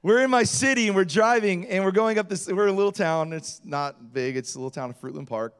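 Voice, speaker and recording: A man preaching a sermon as pastor, telling personal stories in an animated way with self-deprecating humor. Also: high voice, a little fast, clear, resonant tone.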